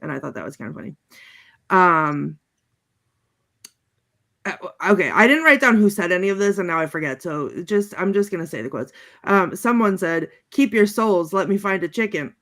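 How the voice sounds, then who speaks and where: A woman on a panel chatting casually, halting with many ums and little laughs as she runs through her notes. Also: lowish voice, sing-song, fairly bright tone. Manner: chatty, halting, reads out movie quotes with giggles and many ums. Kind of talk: casual chat.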